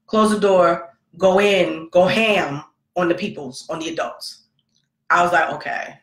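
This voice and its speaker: A woman in her thirties telling a lively personal story as a podcast host, acting out the people she quotes and laughing often. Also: fairly low pitch, measured pace. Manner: animated, laughing, acts out quotes. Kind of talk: casual storytelling monologue. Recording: echoey room.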